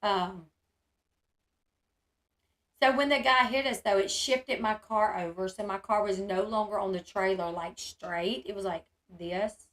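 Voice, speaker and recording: A woman's voice: mid-range voice, measured pace, fairly bright tone. Chatty woman streaming. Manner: chatty, reads chat aloud, lots of "like" and "um". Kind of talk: casual livestream chat.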